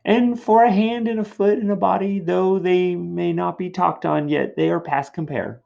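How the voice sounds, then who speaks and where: A man's voice: sits high, steady tone, moderate pace, vocal fry, darkish tone, voice pushed up. A man voicing an old woman who complains about her aches and teases, reading verse in a raised, groaning voice. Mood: complaining. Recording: dull lo-fi recording.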